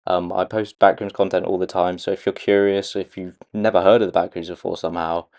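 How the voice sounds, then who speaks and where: Direction: hesitant man, fairly low voice. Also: little pitch movement, brisk, vocal fry, darkish tone. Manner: hesitant, many "um"s and restarts. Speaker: video creator analysing a movie trailer. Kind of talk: casual commentary.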